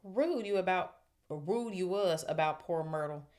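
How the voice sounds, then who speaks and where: A woman's voice: on the low side, unhurried, a little mellow, lightly acted. A woman voicing a sly, mischievous male poltergeist in a storybook reading, taunting and gleeful.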